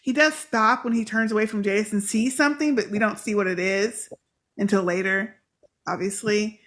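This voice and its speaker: A woman's voice: mid-range voice, steady tone, normal speed, a bit bright. A woman hosting a casual fan podcast, chatting animatedly and acting out characters' lines. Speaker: podcast host.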